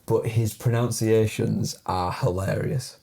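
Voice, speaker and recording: A man's voice: on the low side, steady tone, unhurried, vocal fry, warm tone. A man co-hosting a podcast, chatty and rambling, amused as he talks. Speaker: podcast co-host. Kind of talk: casual podcast chat.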